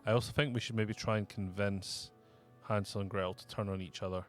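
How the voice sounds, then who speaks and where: A man's voice: fairly low pitch, steady tone, brisk, faint music behind. A man playing a tabletop game, hesitant and repeating words while he works out a plan. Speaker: player. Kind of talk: casual tabletop game chat.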